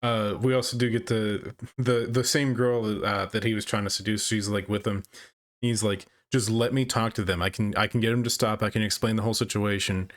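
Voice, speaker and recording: A man co-hosting a podcast, casually retelling movie scenes with relaxed halting restarts. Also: lowish voice. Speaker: podcast co-host. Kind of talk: casual movie recap chat.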